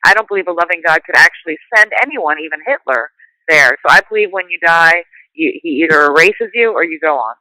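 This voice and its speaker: A woman hosting a casual conversation, talking in an eager, animated way and agreeing readily. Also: low voice, fairly quick, no echo, rough recording.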